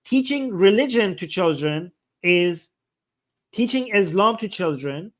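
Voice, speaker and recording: A man's voice: high voice, animated, measured pace, a bit bright. A man hosting a live stream, casually translating a video line by line and thinking aloud as he reads subtitles.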